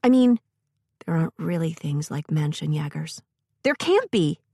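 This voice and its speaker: A woman's voice: low-pitched, animated, normal speed, vocal fry, mellow, husky, no echo, studio quality, full character voice. A woman voicing an eager young boy who questions a story. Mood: anxious. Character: eager, doubting little boy.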